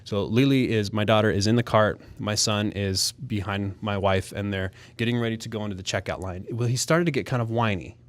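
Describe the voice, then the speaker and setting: A man co-hosting a podcast, telling a long story in a casual, animated way and acting out other people's voices. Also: lowish voice, a little fast, few pauses. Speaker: podcast co-host.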